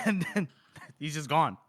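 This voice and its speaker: A man with a fairly high voice co-hosts a casual podcast about a book. He walks through a scene in a loose, chatty way, laughing along as he goes. He slips into quick, raised voices whenever he quotes the characters. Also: lively intonation, fairly bright tone. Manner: laughs often while retelling scenes. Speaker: podcast co-host.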